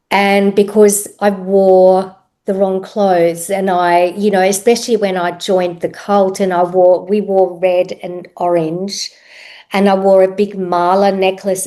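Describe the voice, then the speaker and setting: A middle-aged woman speaks at a very slow, unhurried pace, sharing a personal story as a podcast guest. She is reflective and pauses often, with her voice sitting at an ordinary middle pitch. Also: mellow.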